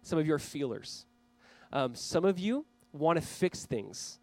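A man's voice: fairly high pitch, big pitch swings, unhurried, dry recording, low-quality recording. A man preaching a sermon as pastor, earnestly urging his listeners. He speaks straight to a camera for viewers watching online.

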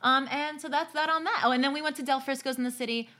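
A woman's voice: high-pitched, fairly even intonation, fast. A young woman co-hosting a podcast in casual chat, upbeat and chatty with wry asides. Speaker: podcast co-host. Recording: loud background noise.

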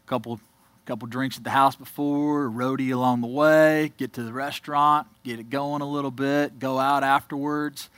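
A man preaching to a congregation, telling his own story with earnest emphasis and quiet asides. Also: mid-range voice, fairly even intonation, normal speed, no room sound. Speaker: church speaker giving a testimony. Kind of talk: testimony sermon.

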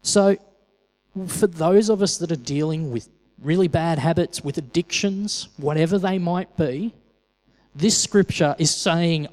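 A man's voice: a little high, measured pace, a little mellow, in a large hall, low-quality recording. A man preaching a sermon in a conversational way, often repeating words as he starts a phrase.

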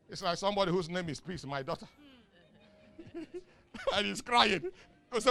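Nigerian pastor guy, middle-aged, really bright sharp tone, call-and-response preaching, chuckles a lot. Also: sits high, huge pitch swings, takes it slowly, creaky, long pauses. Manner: call-and-response preaching, swings between soft asides and shouting; chuckles often mid-sentence. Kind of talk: sermon.

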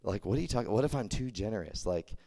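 A man's voice: on the low side, expressive, fast talker, creaky, mellow. Young man preaching, casual and chatty. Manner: conversational, many fillers, laughs at his own story. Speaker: preacher at a college ministry. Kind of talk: casual sermon with a story.

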